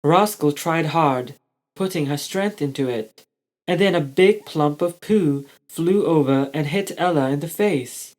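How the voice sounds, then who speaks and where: A storyteller reading a children's story aloud in a slow, steady manner. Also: mid-range voice.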